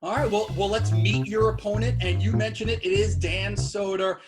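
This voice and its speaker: High-voiced upbeat male game host. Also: steady tone, moderate pace, loud music behind the voice. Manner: upbeat announcer introductions. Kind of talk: game show hosting over video call.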